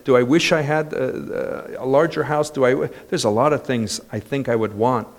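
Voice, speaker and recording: A man preaching a sermon as a pastor, telling stories and building to loud exclamations. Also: mid-range voice, fairly even intonation, normal speed. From United States.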